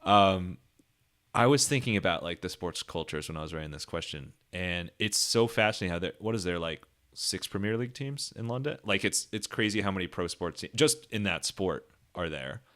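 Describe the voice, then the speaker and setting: A man's voice: deep voice, lively intonation, normal speed, fairly bright tone. A man from Ohio hosting a casual podcast interview, chatty and laughing, with plenty of fillers and restarts. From Ohio, United States. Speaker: podcast host.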